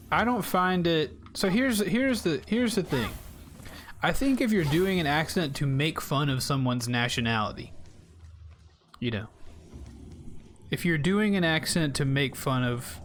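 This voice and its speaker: A man's voice: medium pitch, fairly bright tone, slight background noise. Chatty Southern US man streaming a game. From Southern United States. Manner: rambling, chatty, talks straight to his chat. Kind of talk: casual live gameplay commentary.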